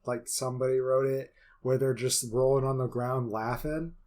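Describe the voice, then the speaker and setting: A man's voice: mid-range voice, flat delivery, normal speed, darkish tone. A man co-hosting a podcast, talking bluntly in casual chat and swearing freely. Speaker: podcast co-host.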